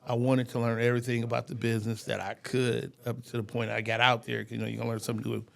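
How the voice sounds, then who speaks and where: A man's voice: mid-range voice, fast talker, vocal fry. A middle-aged man from the San Francisco Bay Area, a company founder telling a family story as a guest in a casual interview. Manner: animated storyteller who acts out family voices.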